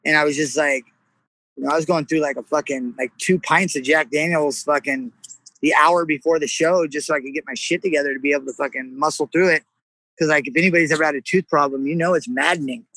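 A man from San Jose, a touring musician, talking in a brash, animated way and swearing constantly. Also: fairly high pitch, fast, no room sound, low-quality recording. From San Jose, California. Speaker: musician guest. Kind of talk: casual chat.

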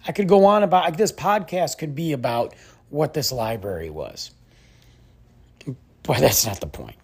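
A man's voice: a little high, lively intonation, normal speed, creaky, darkish tone, slightly rough. A young adult man, a podcast host telling a story in a casual, exasperated way and acting out the others' lines.

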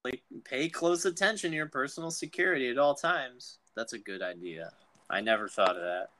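A man's voice: medium pitch, lively intonation, brisk, sharp tone, low-quality recording. A man co-hosting a podcast, telling a story in casual chat and laughing through his own jokes. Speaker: podcast co-host.

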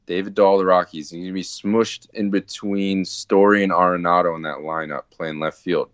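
A man co-hosting a casual sports podcast, animated and quick to laugh. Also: low-pitched, clear, resonant tone, dry recording. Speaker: podcast co-host. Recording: dull, dry lo-fi sound.

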